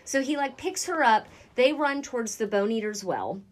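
A woman with a mid-pitched voice casually retells a show's plot. She sounds relaxed and easygoing, with lots of fillers and a steady string of yeps as she agrees. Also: moderate pace, slight background noise. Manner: relaxed storyteller, frequent fillers and "yep". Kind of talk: casual chat recapping a show.

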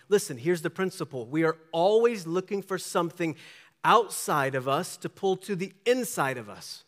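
A man's voice: on the high side, animated, normal speed. A pastor preaching a sermon, emphatic and full of questions to the listeners, often acting out the people in his story. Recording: long hall reverb.

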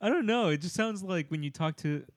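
A man's voice: high voice, expressive, fairly quick, no room sound, studio quality. A man chatting casually, reacting with laughter and exclamations. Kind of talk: casual chat.

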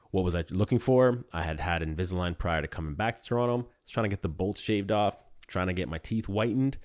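Podcast host, man in his thirties, deep-voiced, wry self-mocking storyteller, dry close sound. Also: dry recording. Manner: animated, wry and self-deprecating. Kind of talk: casual storytelling monologue.

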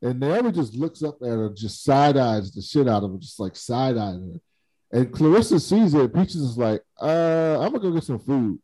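A man's voice: mid-range voice, big pitch swings, moderate pace, mellow, no room sound, poor audio. A man in casual chat, animatedly retelling a TV episode and acting out the characters' lines. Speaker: podcast co-host recapping a TV episode.

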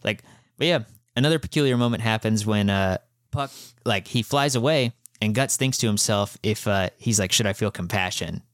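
A man's voice: lowish voice, normal speed, no room sound, studio quality. A man co-hosting a podcast, recapping a manga in loose, rambling casual chat, full of fillers and casual swearing. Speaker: podcast co-host.

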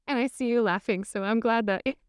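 A woman's voice: on the high side, a little fast, smooth, no room sound, studio quality. A woman relationship coach talking frankly and candidly on a podcast, laughing often as she speaks.

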